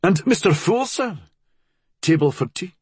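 Guy doing a high-voiced old scottish innkeeper, formal and bowing, very lively swoops. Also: measured pace, husky, no room sound, exaggerated voice. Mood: welcoming. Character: aging male innkeeper, grave and formal.

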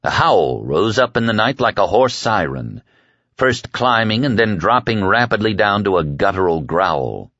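A man reading an audiobook in a measured, dark storytelling manner. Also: fairly low pitch, very animated, no room sound. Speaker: audiobook narrator. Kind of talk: scripted audiobook narration. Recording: dry dull lo-fi audio.

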